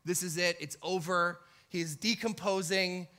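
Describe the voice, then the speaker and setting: Male preacher in church, high and sharp-toned, building to passionate delivery. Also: steady tone, normal speed. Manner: impassioned, acts out quoted pleas with rising intensity. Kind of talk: sermon.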